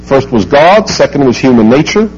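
A man's voice: mid-range voice, big pitch swings, normal speed, a little mellow, muffled recording, a little hiss or hum. A man giving an emphatic talk to a live audience, full of rhetorical questions. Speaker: speaker lecturing an audience.

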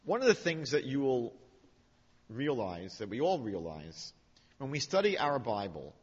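Animated man teaching in an echoing hall. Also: mid-range voice, husky. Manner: animated, questioning, quotes Hebrew slowly. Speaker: Bible teacher. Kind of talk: teaching a Bible class. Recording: dull sound with long hall reverb.

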